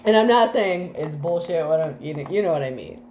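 A woman's voice: sits low, animated, fairly quick, darkish tone. A woman doing a casual tarot reading, laughing often and swearing freely as she talks. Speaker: tarot reader. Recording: echoey room with faint background noise.

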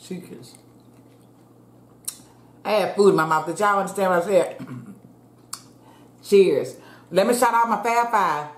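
A woman's voice: medium pitch, normal speed, long pauses. A woman food vlogger chatting casually to her viewers while eating, calling them y'all. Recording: echoey room with faint ambience.

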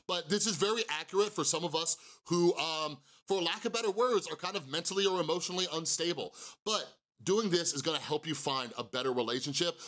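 A man's voice: on the high side, bright, forceful tone. A young man talking casually to camera about relationships, rambling with many fillers and restarts. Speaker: mental health YouTuber.

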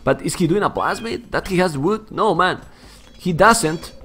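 A young adult man with a Spanish accent, whose first language is Spanish, casting a strategy game live in excitable, animated commentary, keeps saying "man". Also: high-pitched, normal speed, husky. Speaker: game caster.

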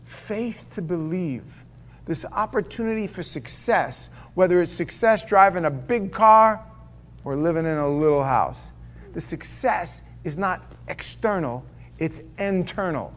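Male pastor, sermon, chatty storyteller, voice a bit high for a man. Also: expressive, measured pace, slight background noise. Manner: conversational storytelling with rhetorical questions. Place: church.

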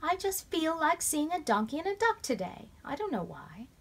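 A woman reading aloud, voicing a small, stubborn, squeamish girl with high, squealing protests. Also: big pitch swings, moderate pace, gravelly, fairly bright tone, heavily acted. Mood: wistful.

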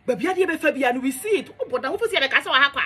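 A young woman with a Ghanaian accent rants in a high, bright voice. Her pitch leaps all over the place as she scolds with defiant emphasis. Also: expressive, very fast. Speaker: social media commentator. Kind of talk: heated monologue rant.

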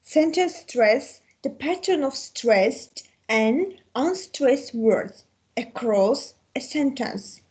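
A woman with an Azerbaijani accent, an English teacher slowly explaining a recorded lesson, with an occasional slip. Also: high-pitched, expressive, a little mellow, husky. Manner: slow, deliberate explaining with occasional slips.

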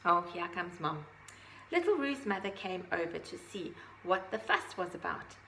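A woman reading a children's picture book aloud, gently adding her own asides about the pictures. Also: fairly low pitch, very animated, normal speed, slight background noise, low-quality recording. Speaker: storybook reader.

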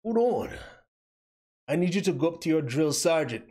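A man's voice: fairly high pitch, very animated, normal speed, mellow. A young man hosting a livestream, giving casual gameplay commentary and teasing his chat in a playful, joking way. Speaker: livestream host.

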